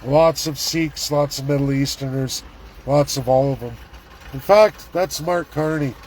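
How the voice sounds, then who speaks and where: A middle-aged man, live-vlogging from a city street on his phone, ranting and repeating excited exclamations. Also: mid-range voice, a little slow, a little hiss or hum, low-quality recording. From Canada. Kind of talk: live street vlog commentary. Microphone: handheld phone camera.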